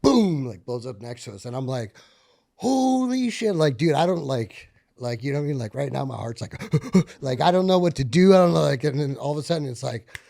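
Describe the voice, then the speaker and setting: Profane veteran telling war stories. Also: male voice, mid-range voice, fast talker, gravelly. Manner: profane, filler-heavy, gets animated and loud when reliving tense moments. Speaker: podcast guest, military veteran. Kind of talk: casual conversational storytelling.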